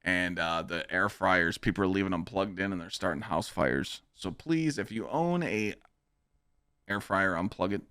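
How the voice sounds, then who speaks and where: A man's voice: low voice, expressive, moderate pace, sharp tone, smooth, no echo, studio quality. A young man hosting a casual streamed podcast, talking bluntly and profanely in a boastful, rambling pep talk. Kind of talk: casual livestream podcast chat. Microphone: streaming microphone.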